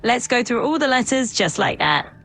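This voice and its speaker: Cheery ai assistant lady, pitch all over the place, keeps saying sure then stalls, soft game music behind. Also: big pitch swings, moderate pace. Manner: upbeat, agreeable, stalling and repeating itself. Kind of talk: synthetic assistant chat.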